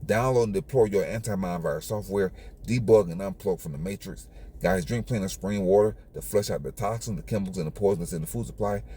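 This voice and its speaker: A man's voice: low-pitched, quick pace, mellow, slightly rough. A man hosting his own channel, lecturing viewers in a preachy, repetitive monologue. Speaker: channel host.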